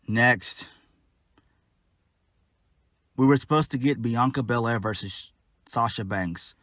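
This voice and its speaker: A man's voice: lowish voice, moderate pace, pauses often, a bit bright, dry recording. A man giving a casual solo wrestling review, blunt, exasperated and profane.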